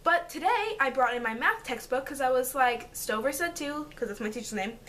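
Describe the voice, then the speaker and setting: A teenage girl chats to her camera from her bedroom, bubbly and quick to laugh as she acts out conversations. Her voice sits high and bright. A faint hum of the room runs underneath. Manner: energetic, animated, acts out quotes, giggly. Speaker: vlogger. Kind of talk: casual storytelling vlog. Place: bedroom at home.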